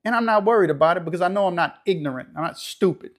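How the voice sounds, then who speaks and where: A YouTube channel host from the New Orleans area of Louisiana speaks with a local accent in a high, racing voice. His monologue is casual, blunt, and streetwise.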